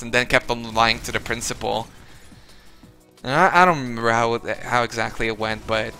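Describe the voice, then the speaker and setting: A man's voice: mid-range voice, sharp tone. A young man casually telling a rambling, profane story, acting out what others said. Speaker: vlogger.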